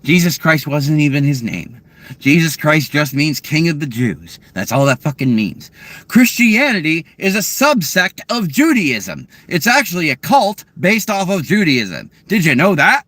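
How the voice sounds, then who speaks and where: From his car, a man rants angrily and profanely while answering live chat questions, swinging between loud outbursts and low muttering. He is very animated and a little slow, with no room sound.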